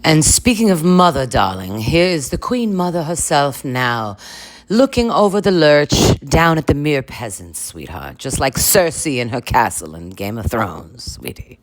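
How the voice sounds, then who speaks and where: A woman's voice: deep voice, very animated, unhurried. A woman in her forties giving campy, sarcastic commentary on a reality show. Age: 40s. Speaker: reaction channel host.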